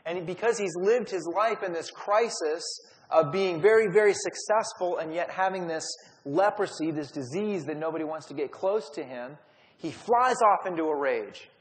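A man's voice: high voice, moderate pace. A man leading a Bible study in a conversational teaching style, retelling stories and acting out quotes. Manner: storytelling, acts out quotes. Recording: long hall reverb.

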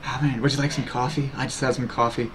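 A man's voice: mid-range voice, little pitch movement, quick pace, noisy background. A young man with a sore throat chatting casually to his livestream viewers, rambling and repeating fillers. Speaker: streamer.

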